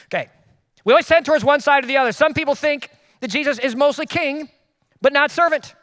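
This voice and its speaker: A man preaching a sermon as a pastor, with sudden loud emphases and self-deprecating asides. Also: very high voice, fairly quick, long reverb tail.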